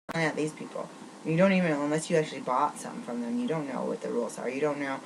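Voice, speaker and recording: A woman vlogger rants in a rumbling low voice at a quick pace, angry and agitated, rambling and restarting again and again. The recording is low quality, with slight background noise.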